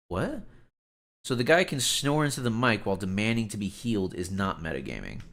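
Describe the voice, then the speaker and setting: A man's voice: fairly low pitch, big pitch swings, moderate pace, fairly bright tone. A man chatting casually on a live stream, rambling and exasperated, with lots of "like" fillers as he tells stories and reacts.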